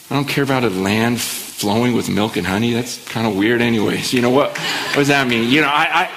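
A man preaching a sermon in an excitable, conversational storytelling way. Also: mid-range voice, fairly quick, in a large hall, a little hiss or hum. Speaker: pastor.

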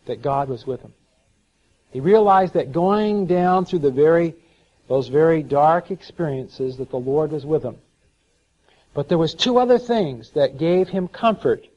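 Guy preaching a sermon, kinda high voice, tells stories, gets loud reading scripture, dull lo-fi audio. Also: lively intonation, unhurried. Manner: storytelling, shifts between soft asides and emphatic scripture reading. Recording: dull lo-fi sound.

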